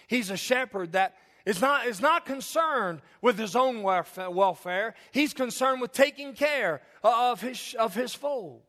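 Male preacher, high-pitched voice, impassioned sermon, repeats lines for emphasis. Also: a bit bright.

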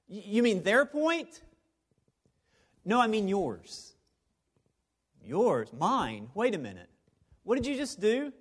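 High-voiced man preaching playfully. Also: animated, measured pace, fairly bright tone. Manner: playful, repetitive, conversational preaching. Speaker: pastor. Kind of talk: sermon. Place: church service before a live congregation.

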